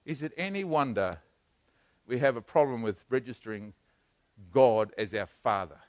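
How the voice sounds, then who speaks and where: An older man preaching a sermon, swinging from hushed to loud. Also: mid-range voice, expressive, normal speed, dry recording. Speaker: pastor.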